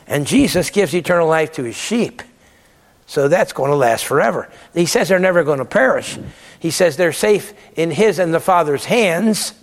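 A man's voice: on the high side, long reverb tail. A man giving a Bible lecture, emphatic and repeating words to stress his points. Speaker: theology lecturer.

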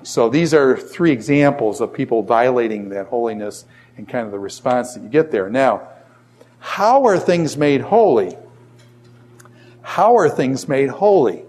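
A man's voice: mid-range voice, unhurried. A middle-aged man teaching a Bible class in a classroom. He asks the class questions and answers them himself, and tells stories with jokes and asides. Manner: animated storytelling with jokes and asides. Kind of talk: lively classroom lecture.

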